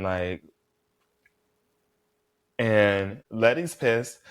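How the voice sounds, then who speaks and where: A man casually recapping a reality show episode, blunt and profane, with lots of "like" fillers and animated reactions. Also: medium pitch, slow, pauses often.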